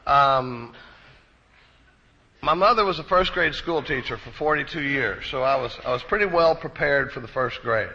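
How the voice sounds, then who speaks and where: A man's voice: medium pitch, moderate pace, noisy background. A middle-aged man from Texas giving a personal recovery talk at a conference, a folksy storyteller with self-deprecating jokes. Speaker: recovery meeting speaker. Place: conference hall. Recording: muffled live talk recording.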